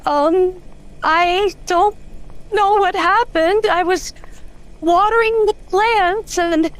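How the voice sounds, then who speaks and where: Woman as coy, slippery mom, very high, lively, unhurried, comic audio play. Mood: feigned innocence. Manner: coy, breezy denials. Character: sly, unbothered 1940s-style mother. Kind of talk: comedic fan audio drama.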